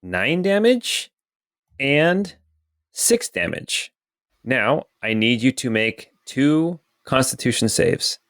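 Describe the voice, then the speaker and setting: A man narrating as dungeon master in a calm, methodical way, filling pauses with "okay" and "um.". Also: medium pitch, no echo, studio quality. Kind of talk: narrating a tabletop game.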